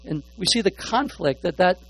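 A man preaching a sermon as pastor, often repeating words while he searches for a phrase, swinging between hushed asides and loud, stressed points. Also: sits high, animated, normal speed, poor audio.

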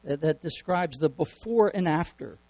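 An earnest male pastor preaching a sermon in a slightly high voice. He often repeats words as he builds toward a point. The recording is dry and close, with a faint hum underneath. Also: expressive, normal speed, mellow, no room sound, poor audio.

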